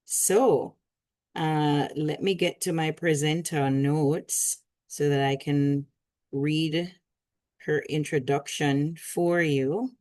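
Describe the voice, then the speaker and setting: Female moderator, lower register, chatty, reads bios then jokes, video call audio. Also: steady tone, takes it slowly, a little mellow. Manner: chatty and joking between formal reading. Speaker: session moderator. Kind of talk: introducing speakers in an online session.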